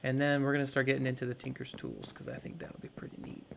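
A man's voice: mid-range voice, huge pitch swings, fast talker, gravelly. Young male gaming host, rambling let's-play chat, light hiss on the mic. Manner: rambling, talks to viewers while playing. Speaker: gaming YouTuber. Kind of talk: casual let's-play commentary.

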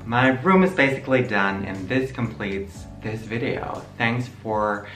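A woman's voice: extremely low pitch, measured pace. A playful young woman giving a casual, giggly tour of her small bedroom. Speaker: vlogger. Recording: echoey room with music.

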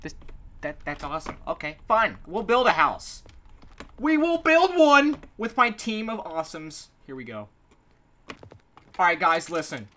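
A woman giving let's play commentary, exasperated, swearing often, yelling in bursts and then muttering to herself. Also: lowish voice, very animated, measured pace. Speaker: gaming commentator.

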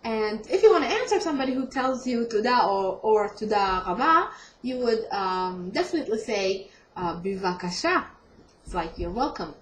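A woman giving a casual online language lesson, hesitating often with ums and self-corrections and repeating each word slowly for her students. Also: on the high side, animated. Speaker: language teacher. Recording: echoey room with faint ambient noise.

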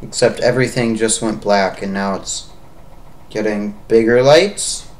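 A man chatting excitedly with friends while playing a horror game together, yelping when scared. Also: on the low side, unhurried. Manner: excitable, yelps and shouts in panic.

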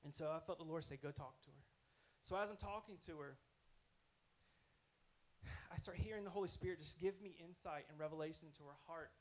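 Man, preacher, sermon storytelling, earnest, casual tone, higher voice. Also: a little fast, long pauses, rough recording. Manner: conversational, earnest, self-correcting.

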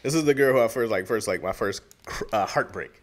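A man's voice: on the low side, fast. A man co-hosting a podcast, telling a casual story and acting out the quoted lines with frequent laughter. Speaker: podcast co-host.

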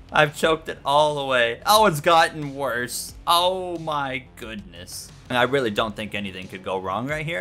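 A man giving excitable, jokey let's-play commentary on a racing game, yelping and repeating himself when things go wrong. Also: mid-range voice. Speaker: gaming YouTuber.

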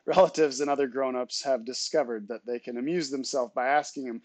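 A male teacher reading a novel aloud to his students, with relaxed, chatty asides between passages. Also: mid-range voice, fairly quick, few pauses, no room sound.

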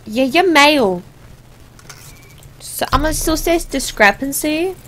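A woman's voice: high voice, expressive, a little slow, fairly bright tone, slight background noise. A young woman giving rambling, jokey let's play commentary as she plays a game. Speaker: gamer.

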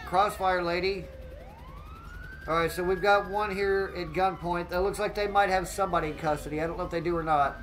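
A man giving excitable live gameplay commentary as a streamer, often exclaiming and greeting his chat. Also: high-pitched, brisk, a little hiss or hum, rough recording.

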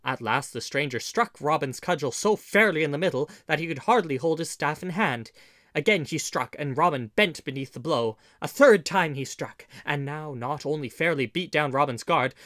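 A man reading a classic adventure story aloud as an audiobook narrator, in steady, expressive storytelling. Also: fairly high pitch, normal speed, dry recording, clean studio sound. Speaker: audiobook reader. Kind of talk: scripted narration.

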